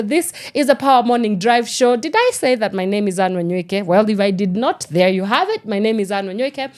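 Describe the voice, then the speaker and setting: A woman with a Kenyan accent hosting a morning radio show, chatting casually and slipping in Swahili phrases. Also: fairly high pitch. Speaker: radio host. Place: radio studio.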